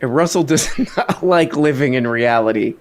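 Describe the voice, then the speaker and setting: A man's voice: mid-range voice, expressive, moderate pace. A man casually commenting on an interview clip during a live stream, laughing often and mimicking the people in it.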